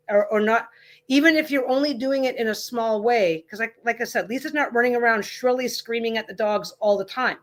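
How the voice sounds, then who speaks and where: A woman hosting a livestreamed tarot reading, chatting casually in a reassuring, rambling way with frequent restarts. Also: fairly high pitch. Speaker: tarot reader and livestream host.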